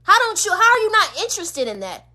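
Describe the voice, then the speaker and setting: High bright-voiced woman ranting passionately. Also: sing-song, quick pace. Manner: emphatic, repetitive rhetorical questions. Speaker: streamer. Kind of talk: impassioned livestream rant. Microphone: phone.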